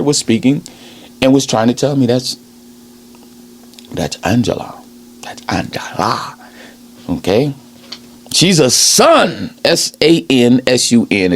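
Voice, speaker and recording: Speaking at a medium pitch, this man preaches off the cuff as a self-appointed minister. His sermon wanders, he stresses each point hard, and he keeps asking "okay?" after making them.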